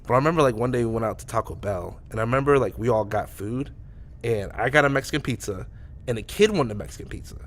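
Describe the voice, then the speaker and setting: A man's voice: mid-range voice, fast. A man co-hosting a podcast, telling a story in a rambling way with many restarts. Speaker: podcast co-host. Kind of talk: casual storytelling.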